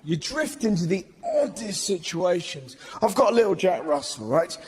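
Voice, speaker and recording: A male stand-up comedian telling stories live, brisk and animated, swearing freely and slipping into character voices. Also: high voice. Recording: live show with audience noise. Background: audience laughter.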